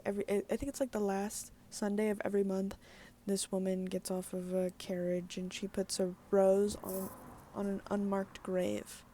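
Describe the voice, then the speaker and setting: A woman's voice: medium pitch, warm tone, slight background noise. A woman chatting casually in a daily book vlog, candid and full of fillers, with some swearing. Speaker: book vlogger.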